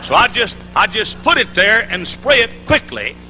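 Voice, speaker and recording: A middle-aged preacher delivers a sermon in a large hall, spinning folksy stories full of jokes and restarts. His voice sits high. His delivery is sharp and forceful. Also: sing-song, normal speed, slight background noise. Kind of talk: live conference sermon.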